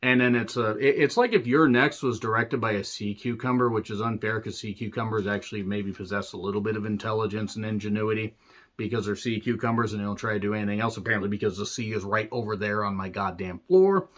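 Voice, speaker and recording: A man's voice: lowish voice, fast talker. A man giving a sarcastic, profane movie review rant, full of rambling asides.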